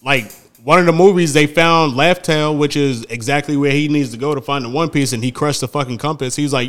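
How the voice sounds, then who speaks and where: A young man hosting a casual chat, telling stories in an animated, slangy, profane way. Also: on the high side, fairly quick.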